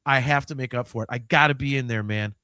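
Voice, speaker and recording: A man of about fifty, hosting a podcast in casual chat, animated and swearing freely, swinging between mumbling asides and loud outbursts. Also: medium pitch, fast talker, clean tone, dry recording, clean studio sound. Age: 50s. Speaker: podcast host.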